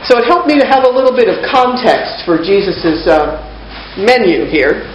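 A woman's voice: medium pitch, very animated, moderate pace, hardly any pauses, noisy background. A woman preacher giving a casual, conversational sermon in a wry tone, often restarting her phrases. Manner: casual, wry, repeats herself. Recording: dull, roomy church recording.

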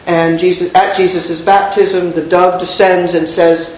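A woman's voice: fairly low pitch, level tone, a little slow, few pauses, darkish tone, a little hiss or hum. A woman preacher giving a casual, conversational sermon in a wry tone, often restarting her phrases. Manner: casual, wry, repeats herself. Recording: dull, roomy church recording.

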